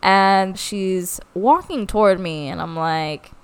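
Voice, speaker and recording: Animated, swearing young woman. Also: medium pitch, slow pace, clean tone. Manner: profane, animated, acts out quoted voices. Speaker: podcast co-host. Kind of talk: casual storytelling chat.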